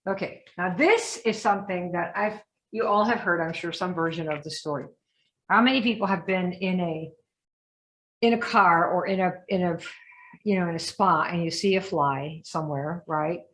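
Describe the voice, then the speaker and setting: A woman's voice: fairly low pitch, moderate pace, fairly bright tone. Emphatic woman coaching a group. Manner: emphatic, asks the audience questions, acts out quoted voices. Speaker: business coach. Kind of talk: coaching talk to a live chat group.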